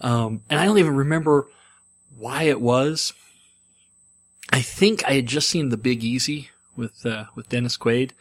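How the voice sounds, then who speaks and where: A man's voice: medium pitch, a little slow. A man in his forties telling a long, digressive personal story in a casual, rambling way.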